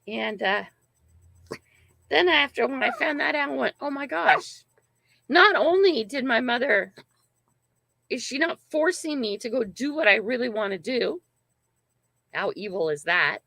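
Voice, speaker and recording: A woman's voice: on the high side, animated, a little slow, gravelly, pauses often, pushed and bright. An older woman hosting a casual livestream, telling a family story in a rambling, emphatic way and often checking in with "right?". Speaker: channel host.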